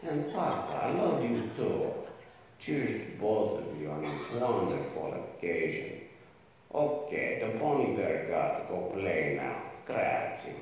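A man doing a boastful bulldog with a thick put-on Italian accent, deep and unhurried, swooping around in pitch. He sounds theatrical and long-winded. The sound comes from far off in a very echoey hall with faint ambience. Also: sing-song, darkish tone, slight background noise, full character voice. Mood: affectionate. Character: male English bulldog with mobster swagger.

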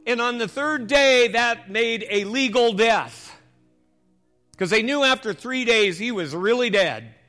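Guy pastor preaching, high bright voice, faint music behind. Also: animated, unhurried. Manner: storytelling, swings from loud calls to hushed prayer. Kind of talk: sermon.

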